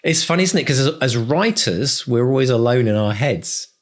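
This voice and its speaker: Male podcast co-host, rambling, lots of restarts, lively intonation. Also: medium pitch, normal speed. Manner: warm-hearted, rambling, many restarts. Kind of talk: casual podcast chat.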